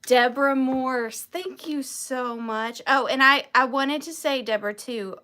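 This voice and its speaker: A woman's voice: sits high, unhurried, bright, forceful tone. A woman in her thirties hosting a live vintage sale, chatting in a gushing, proud way. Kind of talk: casual live-sale chat.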